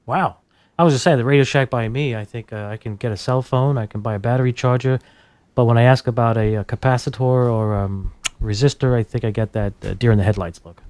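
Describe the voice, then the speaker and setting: A man hosts a talk interview at a brisk pace, rattling off anecdotes and questions with quick restarts. His voice is mid-pitched. The sound is dry and close, with little room echo. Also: fairly even intonation, darkish tone. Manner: quick, conversational, with frequent restarts. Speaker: host. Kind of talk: casual interview chat.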